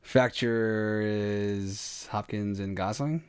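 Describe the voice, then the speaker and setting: A man's voice: on the low side, steady tone, drawn-out words, smooth, no room sound. A man co-hosting a casual podcast, chiming in with brief dry asides.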